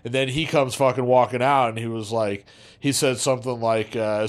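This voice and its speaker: A man spins a crude, lively tale for his podcast co-hosts, dropping curses into nearly every phrase. His voice sits in a middle register and gets animated at the high points. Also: a little fast. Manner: profane, animated, swears constantly. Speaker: podcast co-host. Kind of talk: casual storytelling.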